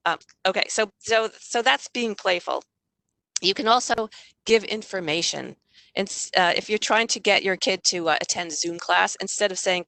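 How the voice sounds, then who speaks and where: A woman's voice: mid-range voice, normal speed, gravelly, no echo. A middle-aged woman giving a parenting talk over a video call, chatty, often acting out what parents and kids say. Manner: warm, conversational, acts out parent and child lines. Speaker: parenting author and workshop speaker.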